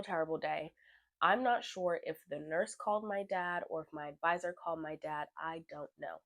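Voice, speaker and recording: With no room sound, a young adult podcaster speaks in a mid-range voice, frankly sharing a personal story. They swear without restraint and grow lively when reenacting moments.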